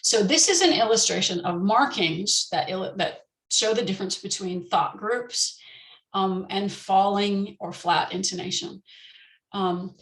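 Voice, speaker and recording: A woman presenting an online teacher-training lecture, explaining step by step with frequent pauses and slowing down to model example sentences. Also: medium pitch, echoey room, poor audio.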